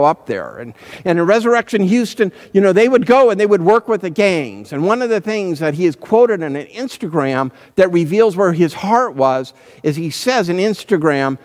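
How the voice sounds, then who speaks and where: Male pastor, lively earnest sermon delivery, slightly high voice, church reverb. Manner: earnest, searching, slows down for emphasis.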